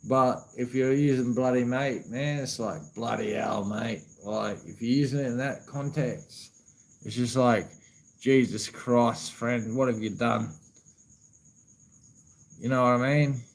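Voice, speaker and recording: A vlogger with an Australian accent chats to camera in a laid-back, casual way, swearing freely and often saying "you know what I mean." His medium-pitched voice has fairly even intonation and a moderate pace, and the audio quality is poor.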